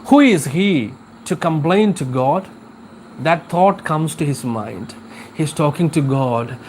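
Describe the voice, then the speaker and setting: A male English teacher lectures in a slow, deliberate, somewhat high voice, stopping often with fillers as he explains. A faint hum of background ambience sits under his speech. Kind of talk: live class lecture on a poem.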